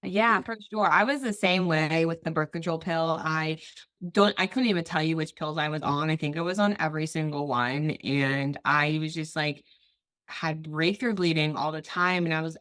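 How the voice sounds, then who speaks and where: A woman guest on a casual podcast interview, talking in an animated way, laughing easily and jumping into quoted voices. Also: sits low, normal speed, no room sound, studio quality.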